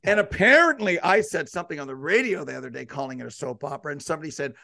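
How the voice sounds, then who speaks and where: High-voiced man hosting hockey talk. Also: expressive, rapid-fire, creaky, sharp tone, no room sound, studio quality. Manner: rambling, leading questions. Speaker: podcast and radio host. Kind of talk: casual sports chat.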